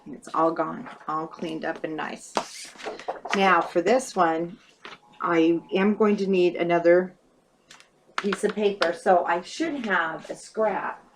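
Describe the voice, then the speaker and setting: A woman's voice: lowish voice, steady tone, takes it slowly, background noise. A woman casually talking through a paper craft project step by step, thinking aloud as she works. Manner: chatty, thinks aloud while working. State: hiccups. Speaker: craft tutorial host.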